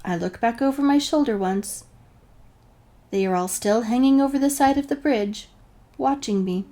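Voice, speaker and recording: A woman's voice: fairly high pitch, normal speed, mellow. A woman from New Hampshire telling a personal story to the camera, wry and self-deprecating. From New Hampshire, USA. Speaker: vlogger.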